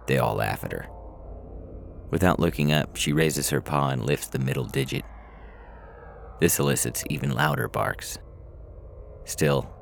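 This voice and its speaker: A man narrating a science-fiction story in a measured, dry storytelling manner. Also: very deep voice, vocal fry, a little hiss or hum.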